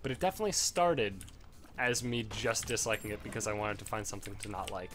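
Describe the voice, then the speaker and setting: A man's voice: fairly low pitch, fast, background noise. A young man chatting offhand and rambling while he plays a game, swearing casually. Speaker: gaming video host. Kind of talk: casual commentary over gameplay.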